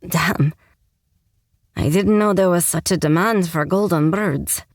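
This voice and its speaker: A woman's voice: low-pitched, measured pace, vocal fry, a little mellow, no echo. A woman narrating a first-person romance audiobook with a wry, sarcastic tone, on a close mic.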